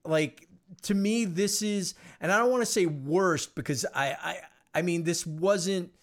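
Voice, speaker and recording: A man hosting a podcast, chatting casually in an animated, rambling way with lots of fillers and restarts. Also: high voice, unhurried. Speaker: podcast host. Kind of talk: casual chat.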